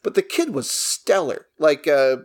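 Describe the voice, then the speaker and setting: A man's voice: on the high side, big pitch swings, measured pace, darkish tone. A man co-hosting a film podcast, eagerly recapping a movie's plot in casual chat. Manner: enthusiastic, recaps plot at length. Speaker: podcast co-host.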